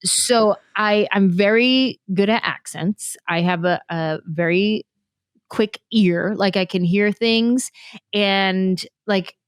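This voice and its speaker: Woman comedian, from California, animated storyteller, dry close sound, mid-pitched. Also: clean tone, no room sound. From San Jose, California. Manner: animated, fast storyteller who acts out quotes. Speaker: comedian guest. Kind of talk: casual interview storytelling.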